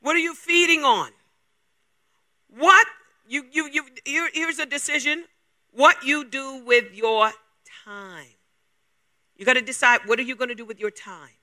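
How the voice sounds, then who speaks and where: Male preacher with a very high, bright, forceful voice and an emphatic question-heavy delivery. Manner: emphatic, fires rapid rhetorical questions. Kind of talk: sermon.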